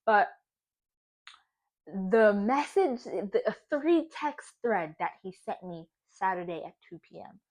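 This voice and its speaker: A young woman spilling a story in her home kitchen as she bakes. She talks casually and swears freely. Her voice is lively and animated, and she laughs often. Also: medium pitch, slow. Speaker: vlogger. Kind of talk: casual storytelling while baking.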